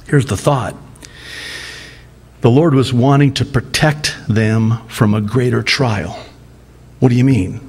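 A man preaching a sermon as a pastor, taking his time over each phrase. His voice sits at an ordinary middle pitch, and it jumps up with emotion when he acts out the people in the story. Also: slightly rough. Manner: slow, deliberate preaching with dramatic voice rises on quoted lines.

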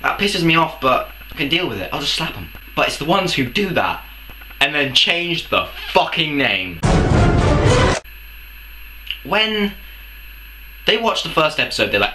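A man's voice: on the high side, very animated, measured pace, long pauses, bright, forceful tone, a little hiss or hum. A young man ranting angrily to camera in a comedic vlog, swearing and firing off rhetorical questions. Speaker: vlogger. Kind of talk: angry comedic rant to camera.

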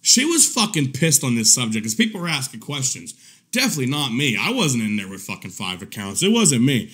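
A man giving casual reaction commentary in a profane, mocking, animated way, often breaking into laughter. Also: medium pitch, fairly quick. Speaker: commentary vlogger.

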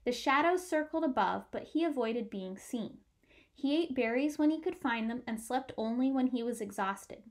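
A woman reading a picture book aloud with clear, expressive storytelling. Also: fairly high pitch, normal speed.

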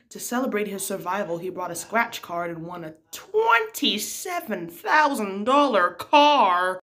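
A woman's voice: medium pitch, a bit bright. Young woman in a put-on American accent reading memes with jokey, half-whispered asides. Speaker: channel host.

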